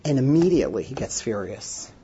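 A therapist recounts a story to a gathered audience, their speech full of halting fillers and restarts as the feeling rises. The recording sounds dull and muffled, with a faint hiss underneath. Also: mid-range voice, big pitch swings. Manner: emotional, with many fillers and restarts.

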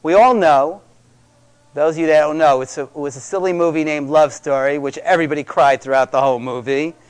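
A man's voice: a little high, a little fast, clear, resonant tone. A middle-aged man speaking to a live audience about parenting, conversational and emphatic, repeating key words for stress.

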